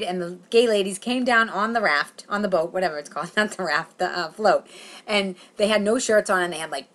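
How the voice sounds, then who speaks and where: A young woman telling a comic story in a vlog, animated and self-mocking, acting out her own thoughts. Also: lowish voice. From Boston, Massachusetts. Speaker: comedian.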